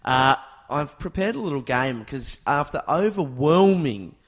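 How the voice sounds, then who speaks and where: A man's voice: on the high side, animated, unhurried. Australian man, casual podcast host, playful banter. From Tasmania, Australia. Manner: chatty, playful game-show banter. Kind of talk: casual chat.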